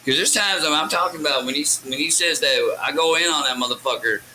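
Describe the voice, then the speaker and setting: Profane, rambling man with a bright voice. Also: on the high side, fast, slight background noise, rough recording. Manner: profane, rambling, animated storyteller. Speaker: rapper. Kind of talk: casual interview chat.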